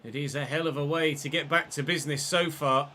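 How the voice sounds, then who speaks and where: A man with a cough, streaming a football game and commentating live, excitable and swearing freely while chatting to viewers. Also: a little high, a little fast, slight background noise. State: unwell, coughing. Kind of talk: live gameplay commentary and casual chat.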